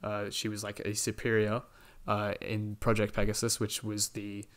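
A man's voice: on the low side, completely flat delivery, moderate pace. A man hosting a podcast, chatting casually about a movie and recapping the plot with lots of fillers and quoted lines. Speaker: podcast host.

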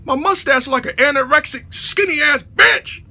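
Male comic vlogger with a very high, sharp-edged voice, ranting in exasperation, loud and profane. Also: moderate pace. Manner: profane, exasperated, bursts into shouts. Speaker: comedy vlogger. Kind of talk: comedic rant to camera.

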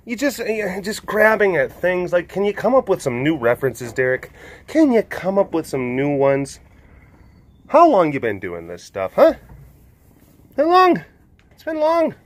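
A teasing, effeminate Southern critic, put on by a man in a high, bouncing voice. He mocks in a sing-song, nasal way, drawling slowly and scoffing at every word. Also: big pitch swings. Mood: mocking. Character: snarky effeminate Southern male critic, mocking.

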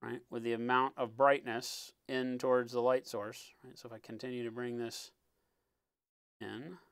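A man talking through a live-stream painting tutorial in a relaxed, explanatory way, often checking in with "right?" and sometimes muttering as he works. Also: mid-range voice, moderate pace, clear, resonant tone, no room sound. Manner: muttering while working. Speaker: miniature painting instructor.

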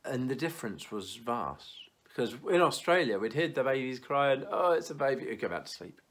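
A man's voice: medium pitch, moderate pace. Earnest man giving a youth talk. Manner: lively storytelling, dropping to quiet and earnest; stumbling restarts and fillers. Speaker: church youth leader.

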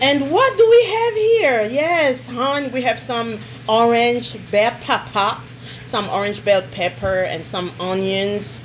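A woman's voice: fairly high pitch, fairly bright tone, a little hiss or hum, poor audio. Sassy woman chatting while cooking. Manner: sassy, teasing, calls viewer honey, repeats "okay?". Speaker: cooking vlogger. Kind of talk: casual cooking demonstration. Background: frying sizzle.

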